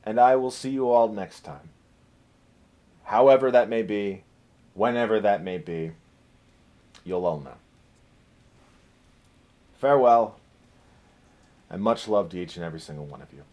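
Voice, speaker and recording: A man's voice: fairly low pitch, a little slow, pauses often, muffled recording. A man talking to viewers in an unscripted casual vlog, rambling, self-deprecating, often laughing and swearing. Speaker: video creator.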